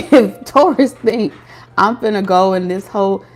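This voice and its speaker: Woman tarot reader, casual and blunt, slang-heavy delivery, medium pitch. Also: animated, measured pace, darkish tone, soft background music. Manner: blunt, slangy and profane, with laughs. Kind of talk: casual tarot reading to viewers.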